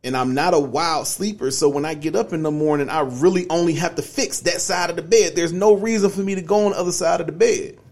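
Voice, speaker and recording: Speaking quickly with hardly any pauses, a young man co-hosting a podcast relates a long personal story in a relaxed way, leaning on fillers such as "you know what I'm saying." His voice is on the high side and a little mellow.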